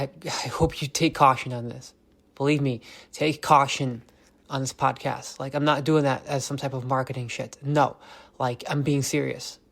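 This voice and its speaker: A man's voice: mid-range voice, husky. A man hosting a motivational podcast alone, talking intensely, repeating key lines, swearing and sometimes dropping almost to a whisper. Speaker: podcast host.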